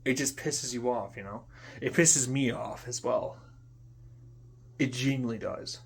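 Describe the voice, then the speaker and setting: Young man, vlog rant, mid-pitched, profane, repetitive, drops to mutters. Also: measured pace, gravelly, a little hiss or hum. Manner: frustrated, profane, repeats himself, trails off into quiet mutters. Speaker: vlogger. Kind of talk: unscripted ranting monologue.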